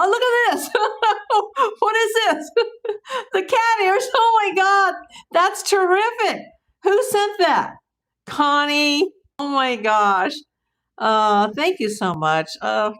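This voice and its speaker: A woman from Southern California hosting a true crime livestream, chatting casually, reading viewer comments and rambling with frequent laughs. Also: lowish voice.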